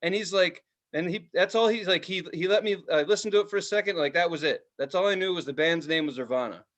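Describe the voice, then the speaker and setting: Man in his 40s, podcast co-host, lively storyteller who swears and acts out voices, slightly high-pitched. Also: fast. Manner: animated storyteller, swears freely, acts out quotes. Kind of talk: casual chat.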